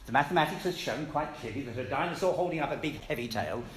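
A man's voice: mid-range voice, animated, fast, a little hiss or hum. A British man giving an emphatic, scornful public lecture to an audience in a hall. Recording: echoey hall with faint ambience.

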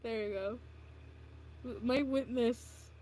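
A woman's voice: on the high side, fairly even intonation, takes it slowly, warm tone. A young woman casually vlogging about her old art, self-mocking and dramatic, with groans and giggles. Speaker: video creator. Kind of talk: casual vlog reacting to own old art.

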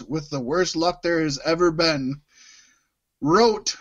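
A man's voice: fairly high pitch, very animated, measured pace, a bit bright, slightly rough. A man co-hosting a podcast, laughing a lot and reading news items in casual comedic chat. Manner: giggly, jokey, reads news. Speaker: podcast co-host.

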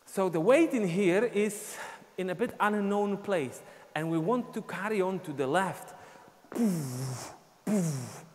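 A man's voice: sits high, measured pace, hardly any pauses. Man counting dance beats in a reverberant studio. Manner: counts beats aloud while dancing. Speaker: dance teacher. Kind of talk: live online dance class, counting steps. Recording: long reverb, faint ambient noise.

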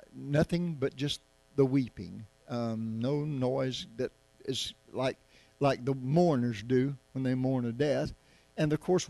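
A man's voice: mid-range voice, gravelly, darkish tone, no room sound. A male pastor preaching verse by verse, in a conversational style and often putting rhetorical questions to his listeners. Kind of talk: Bible-study sermon.

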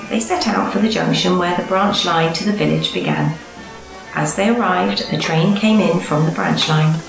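Woman storyteller, gentle and measured, gravelly low voice, echoey room with music. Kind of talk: storybook reading.

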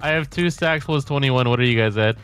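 A man chatting casually while playing a game, easygoing and quick to laugh. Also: mid-range voice, fairly bright tone, smooth, faint music behind. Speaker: co-player. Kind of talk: casual gaming chat.

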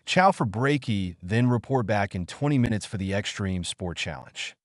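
A man's voice: lowish voice, lively intonation, normal speed, dry recording, clean studio sound, lightly acted. A man reading a smug camp TV host. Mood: smug announcing. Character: smug male TV host running a camp contest.

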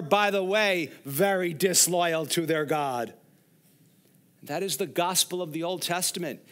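A pastor with a fairly high-pitched, somewhat bright voice preaches in a church sanctuary. Explaining scripture expository-style, he speaks directly to the people in the pews and asks them questions.

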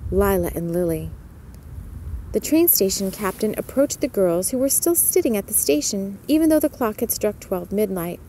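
Gentle female storyteller for ASMR, slow, speaks to the listener. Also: medium pitch, expressive, slight background noise, low-quality recording.

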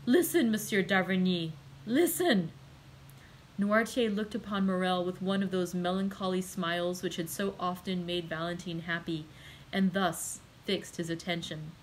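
A woman librarian narrating a classic novel aloud in a steady, measured reading. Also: fairly low pitch, a little hiss or hum, low-quality recording. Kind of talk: audiobook narration.

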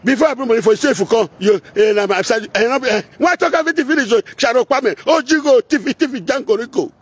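A man's voice: very high-pitched, lively intonation, fast, breathy edge, no room sound. A man with a Nigerian Pidgin Edo accent, delivering a confrontational rant that slips into singsong chanting and repetition. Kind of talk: heated rant mixing chant and speech.

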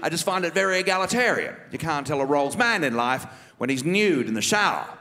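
A man's voice: on the high side, animated, brisk, pushed and bright. A man with an Australian accent impersonating a smug, wealthy male politician who stretches out his vowels and over-enunciates every word. It is recorded live on a stage microphone in a reverberant theater. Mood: smug drawl. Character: smug rich male politician, pompous and self-satisfied.

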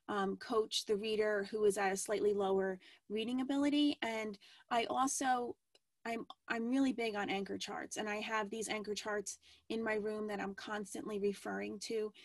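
A woman teacher presenting an educational webinar in a measured way, with frequent ums and restarts. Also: medium pitch, dry recording.

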